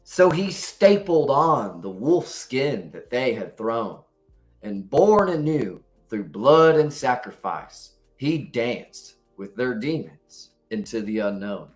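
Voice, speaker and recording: A man putting on an old cowboy voice to recite a dark poem, with a slow, dramatic drawl. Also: medium pitch, very animated, soft background music. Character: old cowboy storyteller at a campfire.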